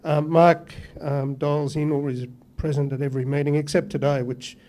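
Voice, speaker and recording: A man with an Australian accent, a company executive giving formal meeting remarks in an even, matter-of-fact way. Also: fairly high pitch, normal speed.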